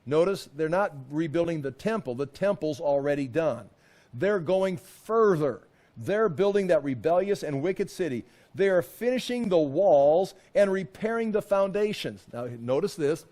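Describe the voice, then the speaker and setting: A man's voice: a little high, darkish tone. A man teaching a casual Bible class, talking in a loose, conversational way that wanders off and restarts as he retells the story with animation.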